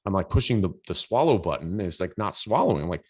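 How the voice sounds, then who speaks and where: Very deep-voiced man telling a story. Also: fast. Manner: rambling, animated, with many restarts and quoted asides. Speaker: podcast host. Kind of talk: casual storytelling.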